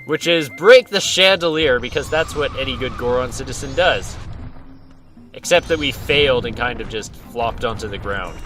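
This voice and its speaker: A man's voice: mid-range voice, expressive, normal speed, over music. A man hosting a casual let's-play, joking around and talking to the characters on screen. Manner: goofy, jokey, talks to the characters on screen. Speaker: gaming channel host.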